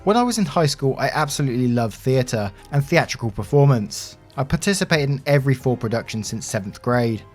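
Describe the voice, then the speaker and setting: A man reading Reddit stories aloud in an expressive, animated narration. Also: mid-range voice, brisk, hardly any pauses. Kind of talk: scripted story narration. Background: soft background music.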